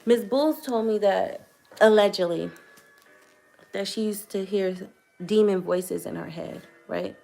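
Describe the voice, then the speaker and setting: A woman's voice: medium pitch, measured pace, vocal fry, warm tone, soft background music. A young woman vlogger telling a personal testimony to camera in an earnest, hesitant way, choosing her words carefully.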